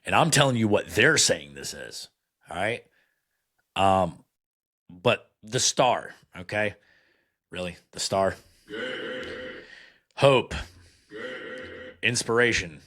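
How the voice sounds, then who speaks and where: Blunt, sarcastic man with a lowish voice. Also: animated, takes it slowly, pauses often, fairly bright tone. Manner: sarcastic, blunt, with frequent fillers. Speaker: podcast host. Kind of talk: critical commentary reading card meanings aloud.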